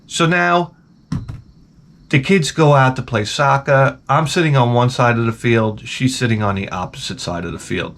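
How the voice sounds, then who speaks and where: A man's voice: mid-range voice, moderate pace, a bit bright, slight background noise. A middle-aged man ranting profanely and animatedly as he tells a comedic story to his camera at home. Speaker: vlogger.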